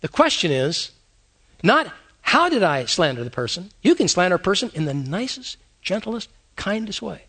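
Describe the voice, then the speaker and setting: Male pastor, conversational sermon delivery, high and highly animated voice. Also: moderate pace, slightly rough. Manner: conversational preaching with rhetorical questions.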